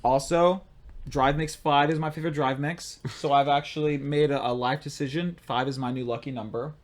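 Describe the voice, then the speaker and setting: A young man co-hosting a podcast, telling stories in casual chat, excitable and rambling. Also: fairly high pitch, moderate pace. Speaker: podcast co-host.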